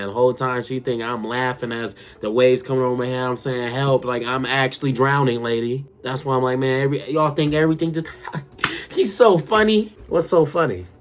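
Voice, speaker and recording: A young man telling a funny personal story straight to his viewers, animated and slangy, often calling them "y'all". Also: fairly high pitch. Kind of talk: casual storytime monologue.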